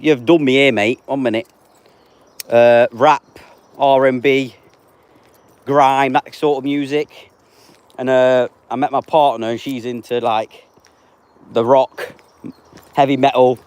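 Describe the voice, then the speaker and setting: A man's voice: medium pitch, clear, resonant tone, no echo. A man, chatting casually on a live stream and answering viewers by name. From England. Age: 30s. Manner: reads out viewer names and answers them offhand.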